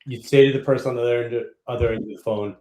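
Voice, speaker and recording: Man, co-host, calm and measured, mid-pitched, echoey distant sound.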